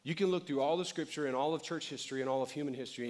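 A man's voice: on the high side, rapid-fire, a little mellow. A middle-aged male pastor preaching a conversational sermon, joking and acting out short voices.

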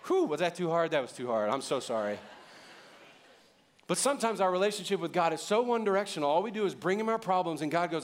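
A man's voice: high voice, animated, fast talker. A man preaching a sermon as pastor, talking in a conversational way and putting questions to the congregation.

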